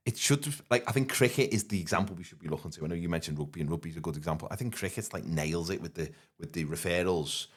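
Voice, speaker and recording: A man co-hosts an easygoing podcast with a pub-banter feel. He speaks quickly in a lowish voice, cracks jokes, and jumps in often with short asides. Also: husky. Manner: quick, joking, many short interjections. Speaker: podcast co-host. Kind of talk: casual pub chat.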